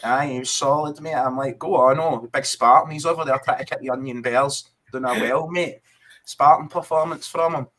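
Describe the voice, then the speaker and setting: A man's voice: mid-range voice, steady tone, normal speed, a bit bright. A man with a Scottish accent, co-hosting a podcast and chatting casually about football and often saying "mate". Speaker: podcast co-host.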